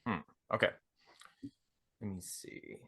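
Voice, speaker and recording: A player in a tabletop game, chatty and quick to laugh, describing what their character does. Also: sharp tone. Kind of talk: casual tabletop play.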